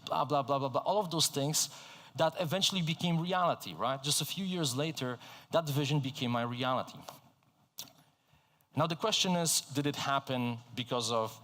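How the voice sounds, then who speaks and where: A Polish-born man, a native Polish speaker, giving an energetic, conversational keynote talk on a conference stage and engaging the audience. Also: medium pitch, normal speed. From Poland. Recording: echoey conference hall.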